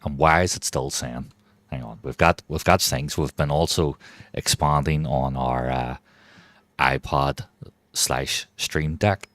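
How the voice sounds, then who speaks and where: A man with an extremely deep, low voice chats through a live game stream, rambling from one thought to the next and swearing freely. The sound is dry and close, with no room around it. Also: fairly even intonation, slow, a bit bright, no room sound. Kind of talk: casual live-stream chat.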